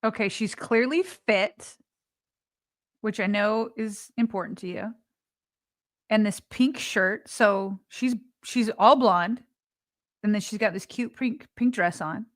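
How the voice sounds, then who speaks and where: A woman's voice: mid-range voice, slow, dry recording. Woman, podcast co-host, teasing banter, mid-range voice, dry close sound. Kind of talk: casual chat.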